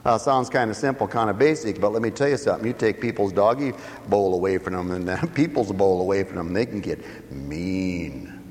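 A man's voice: lowish voice, fairly quick. A man preaching a sermon in a folksy, joking manner, often asking the congregation questions. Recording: long hall reverb.

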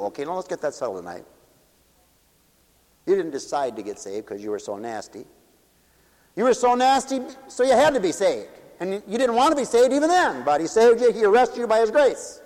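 A man preaching a sermon, asking rhetorical questions and swinging between forceful peaks and hushed low drops. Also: long reverb tail, low-quality recording. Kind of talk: sermon to a congregation, also broadcast on radio.

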